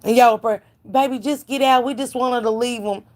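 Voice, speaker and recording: A woman's voice: on the high side, steady tone, moderate pace. A woman giving blunt, profane gossip commentary to her live stream chat, preaching and calling out viewers by name.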